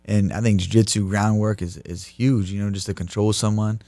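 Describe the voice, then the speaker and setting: A man's voice: fairly low pitch, fairly even intonation, fairly quick, warm tone, no echo. A young man in his twenties, an interview guest who tells stories with energy and laughs through the punchlines. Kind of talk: casual storytelling interview.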